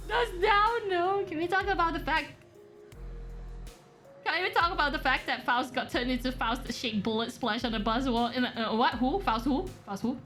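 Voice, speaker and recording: A woman's voice: high-pitched, normal speed, fairly bright tone, soft background music. A young woman streaming a game, reacting with shrieking laughter and frequent swearing. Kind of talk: reactive gameplay commentary.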